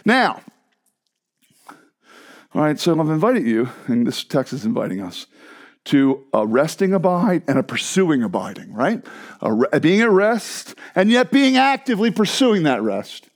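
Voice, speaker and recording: A man preaching a sermon, with a high-pitched voice that leaps and falls in a very animated way. He jokes and laughs with the congregation, then drops to near-whispers before building back up to strong exclamations. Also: unhurried, pauses often. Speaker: pastor.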